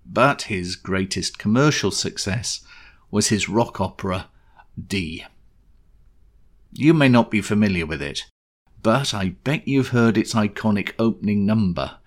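A man's voice: lowish voice, a little slow. A man reading his own short story in a dry, wry manner. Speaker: story contributor.

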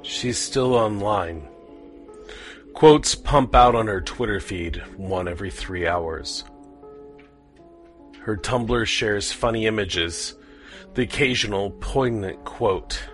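A man reading short fiction aloud in a measured, somber way. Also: on the low side, soft background music.

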